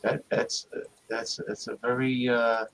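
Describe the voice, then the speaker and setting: A man hosting an online talk show, excitable, often exclaiming and repeating himself. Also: medium pitch, takes it slowly, a little hiss or hum, poor audio. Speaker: host. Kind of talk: casual call-in talk show banter.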